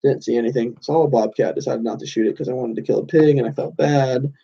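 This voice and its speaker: A man's voice: medium pitch, fast talker, vocal fry, mellow, slightly rough, muffled recording. A young man rambling casually to his channel's viewers, loose and meandering with lots of fillers and restarts. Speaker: channel host. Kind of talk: casual rambling monologue to camera.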